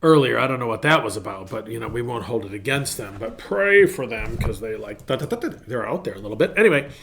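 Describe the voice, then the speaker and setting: Gravelly rambling pastor, man. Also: mid-range voice, animated, fast talker, fairly bright tone. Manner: rambling, folksy, self-interrupting. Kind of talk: casual devotional talk.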